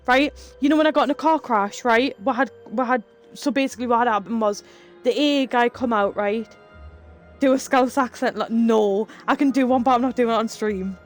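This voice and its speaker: A young woman with a Geordie accent talks to her live-stream viewers in a loose, chatty way. Her voice sits a little high, and she reads chat aloud, drops the odd swear word and laughs easily. Faint music plays behind her. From Northeast England.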